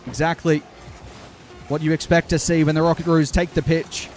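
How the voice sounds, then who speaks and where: Brisk young male esports caster. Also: fairly high pitch, level tone, darkish tone, faint music behind. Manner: brisk play-calling, breaks off to argue with chat. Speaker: esports commentator streaming live. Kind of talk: live play-by-play commentary with chat asides.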